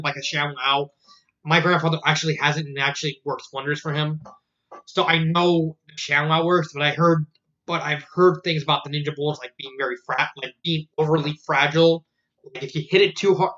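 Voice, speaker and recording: A man's voice: a little high, a bit bright, lo-fi sound. A man casually reviewing a fan story, rambling with many fillers and restarts. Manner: rambling, filler-heavy retelling.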